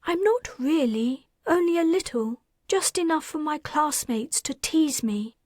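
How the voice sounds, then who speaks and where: A woman's voice: high voice, lively intonation, measured pace, darkish tone, no room sound, clean studio sound, pitched above the performer's own voice. A woman voicing a wistful, tender young girl.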